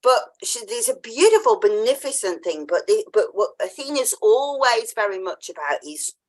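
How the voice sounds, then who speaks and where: A woman's voice: medium pitch, lively intonation, normal speed. A woman hosting a podcast interview, chatting casually and telling a story, acting out the voices she quotes and laughing often. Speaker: podcast host.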